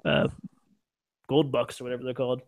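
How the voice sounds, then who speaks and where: A man's voice: mid-range voice, little pitch movement, fairly quick. A man co-hosting a wrestling podcast, chatting casually, laughing easily and using many fillers. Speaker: podcast co-host. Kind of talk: casual chat.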